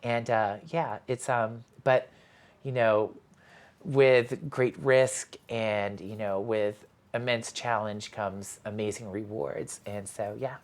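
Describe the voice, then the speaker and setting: Woman guest with an unusually deep voice, loose conversational storyteller. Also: steady tone, slow, darkish tone. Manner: rambling, heavy use of "you know" and "like"; acts out quoted voices while telling stories. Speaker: podcast guest, spirits brand co-owner. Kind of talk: casual interview chat.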